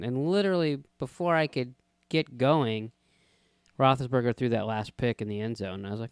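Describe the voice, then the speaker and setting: A man talks football on a casual podcast, joking and swearing as he trades quick remarks with his co-host. His voice is smooth and clear, recorded close and dry with no room sound. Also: medium pitch, no room sound. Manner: profane, joking, quick back-and-forth. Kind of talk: casual sports chat.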